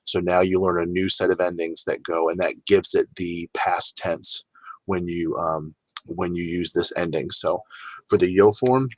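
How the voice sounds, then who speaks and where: A man teaching a grammar lesson in a relaxed, chatty way, talking straight to his students with plenty of fillers. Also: sits low, dry recording, low-quality recording. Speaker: Spanish teacher. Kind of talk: informal recorded grammar lesson.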